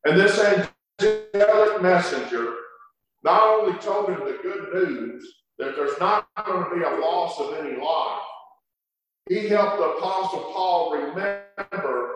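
A man preaching a sermon, emphatic, stretching words out and pausing for effect. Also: high voice, expressive, fairly bright tone, faint music behind. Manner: emphatic preaching with drawn-out words and dramatic pauses. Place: church sanctuary. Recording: echoey hall from far off.

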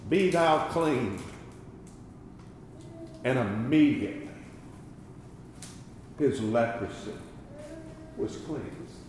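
A man preaches at a deliberate, unhurried pace, his voice swelling and dropping for emphasis. The sound is very roomy, with a long reverb tail as if he is in a large hall. A faint hum of background ambience sits underneath. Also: mid-range voice, lively intonation. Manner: slow, deliberate preaching with swells and drops in loudness. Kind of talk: sermon.

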